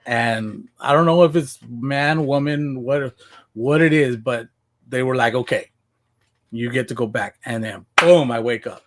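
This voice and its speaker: A man's voice: medium pitch, a little slow. Podcast guest, male, from Washington State, casual storyteller who acts out his own lines. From Washington State, USA.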